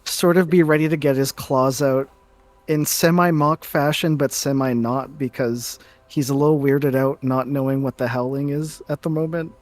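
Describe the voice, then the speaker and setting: A man's voice: medium pitch, fairly even intonation, moderate pace, no echo. A man playing a tabletop game, narrating his character's actions casually in the third person. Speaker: player. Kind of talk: tabletop role-play narration.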